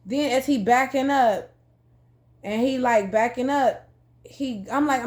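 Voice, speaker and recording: Animated woman retelling a dream. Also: slow pace, pauses often. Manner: animated, acts out quoted dialogue with big pitch jumps; heavy filler "like", loose slangy phrasing. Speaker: vlogger. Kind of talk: casual storytelling to camera.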